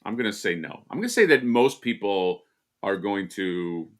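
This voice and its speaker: A man co-hosts a casual live stream, rambling and joking with plenty of fillers and restarts. His voice is fairly low and fairly bright, with lively intonation and a moderate pace.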